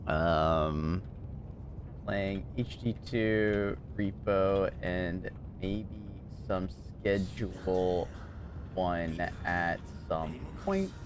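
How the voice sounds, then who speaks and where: A man chatting casually on a livestream, laughing often and thanking viewers excitedly. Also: sits low, very slow, background noise. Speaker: streamer.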